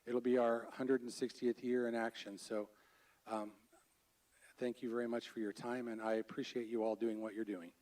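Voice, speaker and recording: A man speaking at a public board meeting, a little distant from the microphone. He talks in a halting, earnest way, restarting his sentences as he goes. His pitch sits in an ordinary middle range. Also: little pitch movement, a little mellow. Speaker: county fair manager. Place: state board meeting room. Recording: voice a bit far from the mic.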